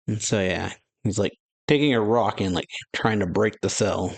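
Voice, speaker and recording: A man's voice: lowish voice, unhurried, no room sound. A man hosting a reaction channel who casually reads and paraphrases a manga chapter aloud, chuckling often and correcting himself as he goes. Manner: paraphrases character dialogue aloud with frequent chuckles; loose, rambling narration with self-corrections.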